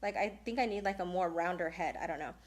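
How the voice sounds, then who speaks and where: A woman's voice: fairly low pitch, fast. A woman in her thirties from California, chatting bluntly and casually while answering viewer questions live, laughing often. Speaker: live-stream host doing Q&A.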